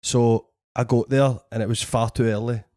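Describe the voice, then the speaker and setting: A man with a Scottish accent, a podcast host and comedian, telling an animated story full of swearing in casual chat. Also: medium pitch, normal speed. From Scotland.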